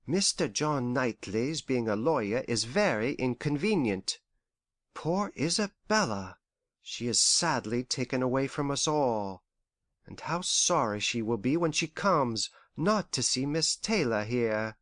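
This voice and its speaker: A man's voice: mid-range voice, sing-song, unhurried, dry recording, clean studio sound. A man playing a fretful elderly father. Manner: worried, lingering, softly complaining. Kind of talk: audiobook character voice.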